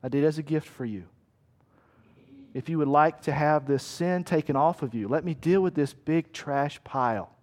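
A pastor speaking as a gentle savior, quieter and a little lower than his own voice. The tone is soft, calm and reassuring. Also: moderate pace, lightly acted.

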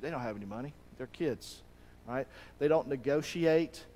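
A man preaching a sermon as pastor, animated, acting out quoted voices with a rising pitch. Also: normal speed. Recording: long reverb of a hall.

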